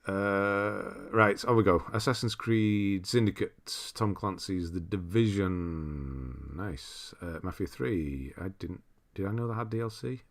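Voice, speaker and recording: Low-voiced man with a mild northern English accent. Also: measured pace. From northern England. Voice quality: relaxed, rambling, chuckles often. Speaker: streamer host. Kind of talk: casual livestream chat reading viewer comments aloud.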